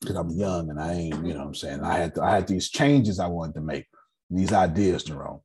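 Speaking in a deep, slightly rough voice, a man runs a business meeting and tells lively motivational stories to his listeners. His slangy delivery includes repeated words and dramatic pauses.

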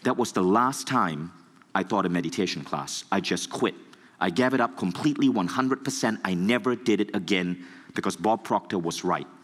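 Male motivational speaker from Malaysia, animated stage storyteller, lowish voice, big reverberant hall. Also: moderate pace. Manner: animated storytelling, acts out dialogue.

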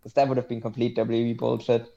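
A man's voice: medium pitch, completely flat delivery, quick pace, gravelly, mellow, highs cut off. A man as a podcast guest, chatting casually and sardonically, rambling with lots of fillers.

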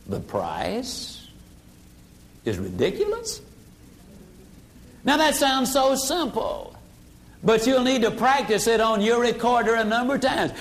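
An older man teaching a sales seminar in a folksy way, dropping his voice low for emphasis. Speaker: sales trainer. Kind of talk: motivational seminar talk.

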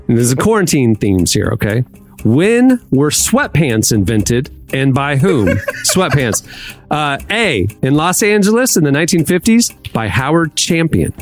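A man runs a trivia game on a podcast, reading out questions with playful emphasis. His voice sits a bit high and moves a lot, and he laughs easily. Soft music plays faintly underneath. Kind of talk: casual quiz hosting.

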